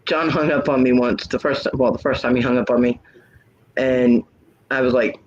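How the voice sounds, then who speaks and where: A man with a husky, slightly rough voice tells a personal story in relaxed chat. He is blunt and outspoken and slips into the other person's voice for each quoted line. The sound is a bit muffled, like a lo-fi online voice call. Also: mid-range voice, moderate pace. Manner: blunt, frank storyteller who acts out both sides of quoted arguments. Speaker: hangout host.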